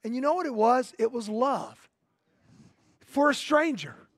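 A man with a Southern US accent, a pastor preaching a sermon in folksy, emphatic storytelling that drops to a hush for drama. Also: extremely high pitch, sing-song, a little slow, dry recording, studio quality. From Southern United States. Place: church sanctuary.

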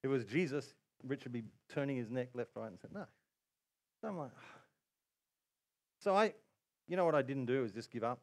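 Animated man preaching a sermon. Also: mid-range voice, moderate pace, long pauses. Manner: animated storytelling with quoted asides and laughs. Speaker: pastor.

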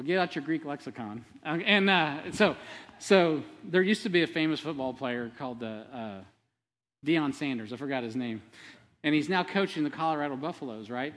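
A man's voice: medium pitch, a bit bright. A man in his fifties preaching a sermon as pastor, talking conversationally with rambling asides and frequent tag questions. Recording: long hall reverb.

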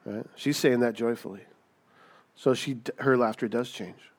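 A man's voice: mid-range voice, measured pace. A man preaching a sermon in a conversational way, often asking rhetorical questions. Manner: conversational, asks rhetorical questions, acts out voices.

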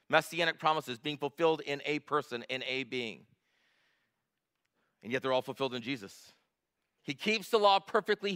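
A male pastor delivers a sermon in a church. His voice is bright and a touch higher than most men's. He shifts between soft, reflective retelling and emphatic, rising declarations. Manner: builds from quiet to emphatic.

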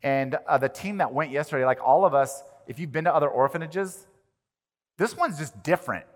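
A male pastor delivering a sermon, animated, swinging from loud emphatic lines to quiet ones. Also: on the high side, a little fast. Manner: animated, rises and drops in volume for emphasis. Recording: long reverb of a large hall.

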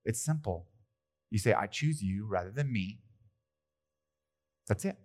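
Lively man preaching a casual sermon. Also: lowish voice, measured pace. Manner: lively, conversational preaching with playful asides. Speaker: pastor. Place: church hall.

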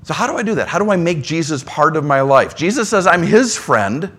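A man preaching a sermon in a conversational way, dropping into soft low asides between emphatic lines. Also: very animated, brisk. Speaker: pastor.

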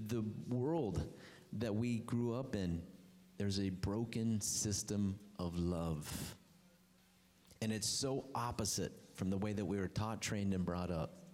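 A man preaching a sermon as a pastor, impassioned, swinging from high emphatic lines down to low, quiet ones. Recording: long hall reverb.

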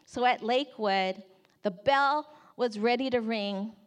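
A woman who works in campus ministry, telling an earnest, expressive testimony and acting out the people in it. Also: a little high, measured pace. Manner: earnest, expressive storyteller who acts out quotes. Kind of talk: storytelling testimony talk.

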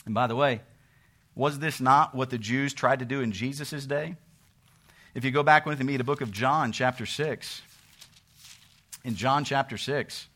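A man preaching a sermon, asking rhetorical questions and swinging between loud emphasis and quiet asides. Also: mid-range voice. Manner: asks rhetorical questions and acts out what people say to God.

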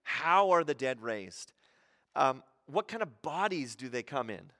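A man's voice: medium pitch, animated, measured pace, bright, forceful tone, in a large hall. A man preaching a sermon in a church in a conversational, playful way, full of rhetorical questions. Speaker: pastor. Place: church hall.

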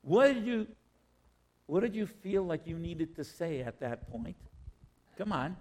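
A man preaching a sermon in a slow, measured way, often repeating his phrases. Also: a little high, lively intonation, mellow.

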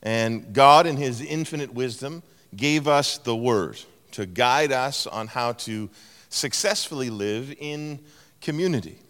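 A middle-aged man preaching a sermon in a large church, telling stories and playfully mimicking voices. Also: measured pace. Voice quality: animated storytelling with playful mimicry of a higher-pitched tone. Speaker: pastor. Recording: long hall reverb.

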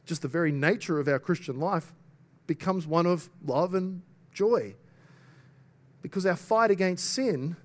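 A man delivering a sermon in a voice pitched a bit higher than most men's. He talks earnestly but casually, often asking the congregation rhetorical questions. His delivery stays relaxed and conversational. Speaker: preacher.

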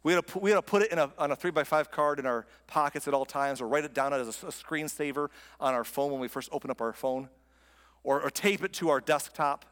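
A man's voice: a little high, quick pace, fairly bright tone. Man preaching in an echoing hall. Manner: conversational and emphatic, with rhetorical questions. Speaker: pastor. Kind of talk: sermon. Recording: long hall reverb.

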